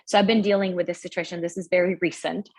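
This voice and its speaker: A woman's voice: lowish voice, steady tone, quick pace, a little mellow, poor audio. A woman who runs a school hesitantly describes a difficult parent situation on a video call, with frequent restarts and concern. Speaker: head of school asking a question. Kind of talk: describing a problem to a consultant.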